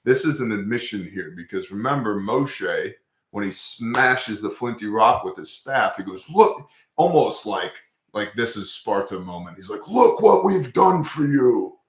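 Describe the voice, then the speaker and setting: A man hosting a casual talk about scripture, telling stories in an animated, profane way. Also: fairly low pitch, measured pace, roomy sound.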